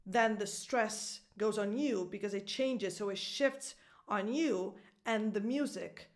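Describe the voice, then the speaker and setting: A woman with a mid-range voice and an Italian first language coaches pronunciation in an online lesson. She speaks slowly and sounds upbeat, teaching clearly and modeling example phrases.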